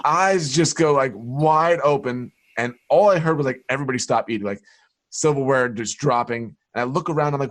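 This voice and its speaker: A man from New York, a podcast guest telling personal stories in an animated way and acting out the dialogue. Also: mid-range voice, brisk. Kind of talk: storytelling interview.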